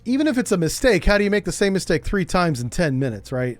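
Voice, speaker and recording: A man streams a game and keeps up casual, joking commentary as he thinks out loud. His voice sits fairly high and swings up and down in a lively way. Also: fast, dry recording, faint music behind.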